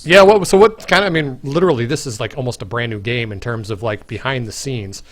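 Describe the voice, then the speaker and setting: A man hosts a casual livestream about game development. He rambles, restarts his sentences and fills pauses with "uh" and "like", in an ordinary mid-range voice. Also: mid-range voice, fairly bright tone. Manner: rambling, full of fillers and restarts.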